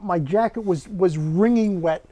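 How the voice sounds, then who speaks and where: A man's voice: high voice, a little slow. A man hosting a podcast in casual chat, telling a story with energy and acting out each voice in his anecdote. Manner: animated storyteller who acts out the dialogue. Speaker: podcast host.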